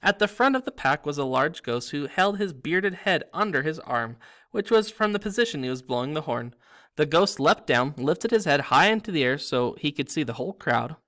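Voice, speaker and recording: A man reading a story aloud in a steady narrating voice, with small slips and restarts. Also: fairly high pitch, normal speed. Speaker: reader.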